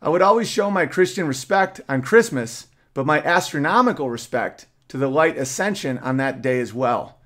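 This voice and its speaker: A man's voice: on the high side, animated, moderate pace, few pauses, fairly bright tone. A man hosting his podcast, reading his memoir aloud as a story, breaking off now and then with wry side remarks. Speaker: podcast host.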